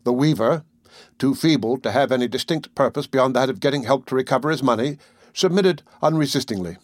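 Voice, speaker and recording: Measured male audiobook narrator, dry. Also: mid-range voice, no room sound.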